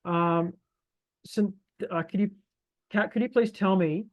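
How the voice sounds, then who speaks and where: A quizmaster reading trivia questions and handing out points in a brisk, teasing way. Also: medium pitch, no echo, dull audio. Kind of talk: casual party game hosting.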